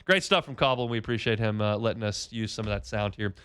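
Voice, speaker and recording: A man's voice: fairly low pitch, fast, fairly bright tone, smooth. A man hosting a sports radio show, talking casually and reading live ads. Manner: conversational, repeats himself, frequent fillers.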